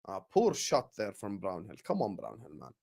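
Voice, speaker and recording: A young man hosting a live football watchalong, chatting with viewers and calling the play with slangy, excitable banter. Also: on the low side, normal speed, gravelly. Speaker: watchalong streamer.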